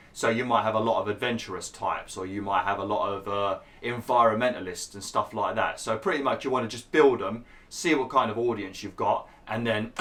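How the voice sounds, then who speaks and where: A man hosting a gaming channel, explaining a park-building game step by step with lots of fillers while his voice is going hoarse. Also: on the low side, a bit bright. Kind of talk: casual gameplay commentary.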